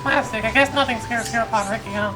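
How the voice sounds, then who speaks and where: A woman voicing an earnest, gentle young male hero, speaking softly and politely over game music. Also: on the high side, fast talker, lightly acted. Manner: soft, polite, a bit hesitant.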